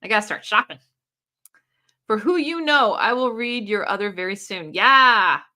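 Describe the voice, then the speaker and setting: A woman from the United States hosting a casual livestream, chatting and reading viewer comments aloud in an animated way. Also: normal speed. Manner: chatty and animated, pitch leaping up and down. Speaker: livestream host.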